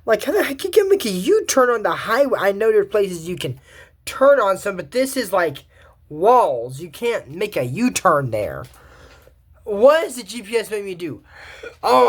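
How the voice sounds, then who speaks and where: Animated rambling commentator, lively pitch. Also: unhurried, slightly rough. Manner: rambling, animated, frequent asides and restarts. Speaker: cartoon recap commentator.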